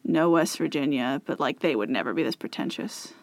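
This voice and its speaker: Giggly sarcastic woman, very lively pitch. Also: no room sound. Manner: giggly, sarcastic, quick to laugh. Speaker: co-host guessing state mottos. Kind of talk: casual chat.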